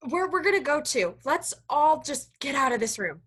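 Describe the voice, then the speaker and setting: A woman's voice: sits high, very animated, moderate pace, fairly bright tone. A woman playing an exasperated young student. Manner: exasperated, pleading. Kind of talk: staged reading over video call. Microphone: video call.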